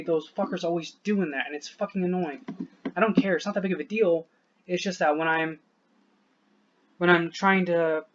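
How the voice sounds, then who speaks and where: A man's voice: high voice, dull audio, a little hiss or hum. A man venting to the camera, short of breath, frustrated and rambling, swearing often and trailing off mid-sentence.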